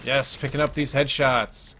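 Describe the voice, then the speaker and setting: A man's voice: medium pitch, fairly even intonation, unhurried, noisy background. A man hosting a live gameplay stream, chatting casually, reading viewer messages aloud and making wry joking asides. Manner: chatty, reads viewer chat aloud between plays. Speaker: gaming livestream host.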